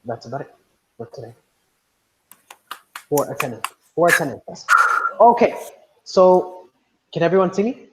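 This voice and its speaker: A man's voice: on the high side, big pitch swings, normal speed, long pauses, slight background noise, rough recording. A man teaching an online class, patient, often checking understanding with "right?". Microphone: video call.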